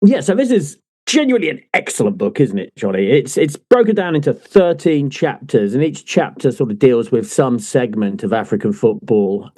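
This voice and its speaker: Lively, teasing podcast host. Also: male voice, medium pitch, moderate pace, hardly any pauses. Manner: jokey, teasing, laughs often. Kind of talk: casual chat.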